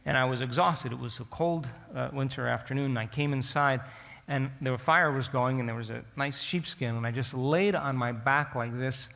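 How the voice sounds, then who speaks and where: Animated man lecturing in a reverberant hall. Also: medium pitch, normal speed, vocal fry. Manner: animated, asks the audience questions. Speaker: speaker addressing an audience. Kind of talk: storytelling lecture.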